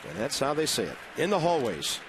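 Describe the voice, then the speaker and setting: Brisk baseball play-by-play man, noisy. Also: medium pitch, big pitch swings. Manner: brisk, conversational, wry asides. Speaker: play-by-play announcer. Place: broadcast booth at a ballpark. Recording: noisy broadcast audio.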